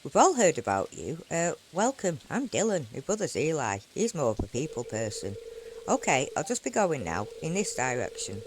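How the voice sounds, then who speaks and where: A woman's voice: deep voice, very animated, normal speed, background noise. A woman voicing a shy, awkward young man in a farming game who hesitates and slips away. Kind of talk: reading game dialogue aloud.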